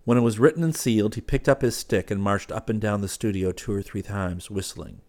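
Low-voiced man narrating calmly. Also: fairly quick. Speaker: audiobook narrator. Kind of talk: scripted narration.

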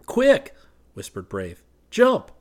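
Male reader playing an anxious young painter; high and forceful. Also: wildly swooping pitch, slow pace, exaggerated voice. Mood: urgent.

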